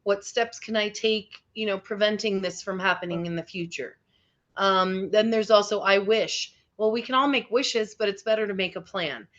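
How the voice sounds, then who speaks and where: A woman's voice: mid-range voice, moderate pace, a bit bright. Chatty woman teaching teens, lo-fi sound. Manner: encouraging, chatty, with many asides. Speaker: teacher leading a teen skills session. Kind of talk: classroom lesson over video call. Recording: dull lo-fi audio.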